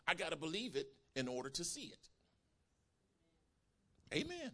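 A male pastor delivering a sermon to a congregation. He swings from calm explaining to loud, emphatic call-and-response preaching and often repeats and restarts his phrases. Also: on the high side, moderate pace, long pauses. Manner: builds from quiet teaching to loud, emphatic preaching with call-outs.

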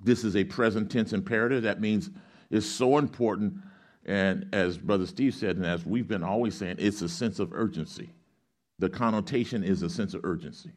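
A man with a low, steady voice preaching to his congregation. He reads scripture and then works through it like a teacher. He keeps asking questions for the crowd to answer back. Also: moderate pace. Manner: reads scripture aloud, explains Greek grammar. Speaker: pastor. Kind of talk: sermon with call-and-response.

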